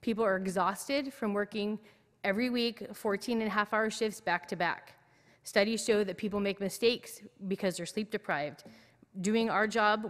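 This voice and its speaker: A woman who works as a police dispatcher, giving an earnest, steady public comment to a council committee at a podium microphone. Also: mid-range voice. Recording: echoey council chamber.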